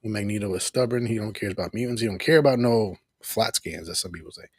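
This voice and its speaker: A man recaps a cartoon episode on a relaxed live review stream, laughing frequently and voicing the characters' lines. He speaks fast in a husky voice on the low side.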